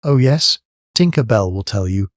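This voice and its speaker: A prim, motherly young girl from a storybook, read by a man. She speaks with earnest, gently insistent care. The voice stays low and close, with a dry sound. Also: measured pace, vocal fry, no room sound. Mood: scornful.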